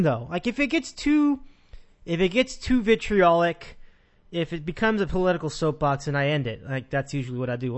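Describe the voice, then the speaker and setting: Male podcast host, casual sports chat, rambling delivery, fairly high voice. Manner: rambling, frequent restarts and laughs.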